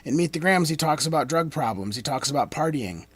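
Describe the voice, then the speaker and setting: Man, slightly high voice, talky lyric breakdown, punchy emphasis with dropped asides, very dry close mic. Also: quick pace, husky, dry recording. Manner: animated, digressive, swings between emphatic and low asides. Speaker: commentator breaking down rap lyrics. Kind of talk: casual lyric analysis monologue.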